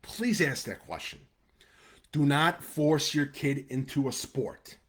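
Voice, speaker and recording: A man's voice: a little high, slow pace, slightly rough. A man with a Chicago-area American accent hosting a live football webcast, blunt and fired-up, swearing and then apologizing. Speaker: high school football show host. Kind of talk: live webcast rant and game preview.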